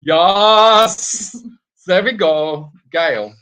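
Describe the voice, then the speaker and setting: A man's voice: mid-range voice, animated, moderate pace, a bit bright. A man co-hosting a casual live Q&A from an animal sanctuary, a chatty storyteller who often laughs at his own tales. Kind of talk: casual live-stream chat.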